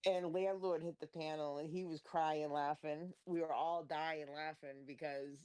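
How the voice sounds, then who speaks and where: A woman's voice: a little slow, clean tone. A woman hosting a live stream, telling crude, laughing gossip stories in a casual chat. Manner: profane, laughing, animated gossip; mimics others in a high squeaky voice.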